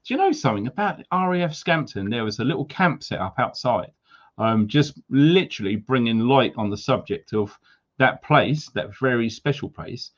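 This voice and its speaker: A middle-aged man from England hosting a casual livestream, chatty and upbeat as he greets viewers with jokey asides. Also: medium pitch. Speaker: livestream host. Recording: slightly dull lo-fi audio.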